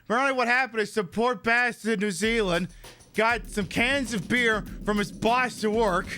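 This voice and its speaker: A man hosts a game stream in a high-pitched, bright, forceful voice. His gameplay commentary is casual and rambling, full of jokes and free swearing as he plays.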